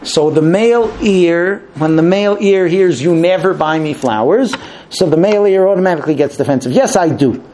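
A man giving a lecture, animated, acting out quoted exchanges in raised voices. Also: on the high side, moderate pace, slight background noise. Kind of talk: spoken lecture to an audience.

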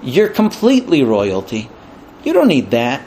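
A man's voice: medium pitch, huge pitch swings, measured pace, a little mellow, slight background noise, pitched below the performer's own voice. A man voicing a wealthy wife who mocks her husband and eggs him on with needling questions.

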